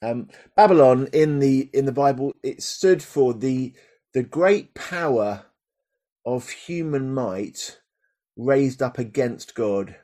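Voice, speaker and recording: A man's voice: medium pitch, animated, takes it slowly, warm tone. A man pastor reading scripture dramatically, then preaching in a conversational way with fillers and restarts.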